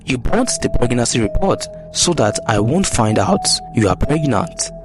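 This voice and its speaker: A man's voice: mid-range voice, big pitch swings, normal speed, music in the background. A man voicing an angry, accusing young wife in a narrated folktale. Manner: scolding, accusing.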